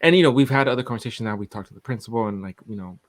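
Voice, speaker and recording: A man's voice: mid-range voice, animated, rapid-fire, dry recording. A man in his forties, co-hosting a podcast, telling a long family story in a rambling way with lots of restarts and fillers. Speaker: podcast co-host. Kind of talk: casual chat.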